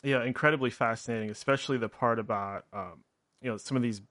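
A man's voice: mid-range voice, quick pace, a bit bright, dry recording, clean studio sound. Hesitant man in conversation. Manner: hesitant, many fillers and restarts. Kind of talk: casual conversation.

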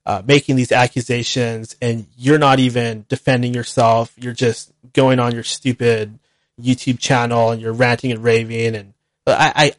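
Man, radio host, blunt, ranting, repetitive, dry close mic, mid-pitched. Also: level tone, moderate pace, no room sound. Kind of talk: solo call-in show monologue.

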